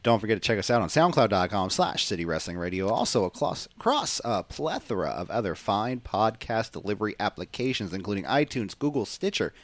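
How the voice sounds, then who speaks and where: A man's voice: fairly low pitch, a little fast, few pauses, no room sound. A man co-hosting a wrestling podcast, talking in a casual, rambling way with lots of fillers. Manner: animated, rambling, many fillers. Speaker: podcast co-host.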